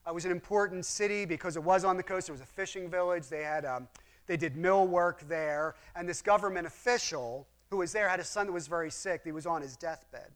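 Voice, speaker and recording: Male Bible teacher with a high-pitched voice, earnest and explanatory, asks questions of the listeners. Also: fairly quick, a bit bright. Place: room with a map display.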